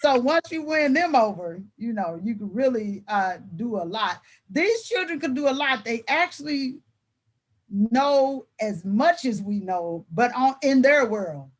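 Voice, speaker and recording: Laughing frequently, this woman educator chats as a guest and shares classroom stories in a colloquial manner. She speaks at a measured pace in a fairly high, animated voice.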